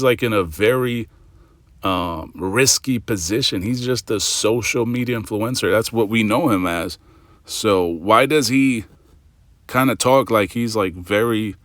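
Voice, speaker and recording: A man's voice: mid-range voice, a bit bright, no echo, studio quality. A man hosting a reaction channel, giving casual commentary that is skeptical and ranting and that keeps repeating its points.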